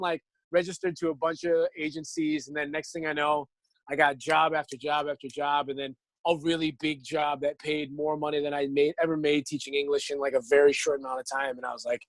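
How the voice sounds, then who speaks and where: In a relaxed interview, a young actor spins lengthy stories, performing other people's quotes with animation and laughing frequently. He speaks fast in a higher voice, with no room sound.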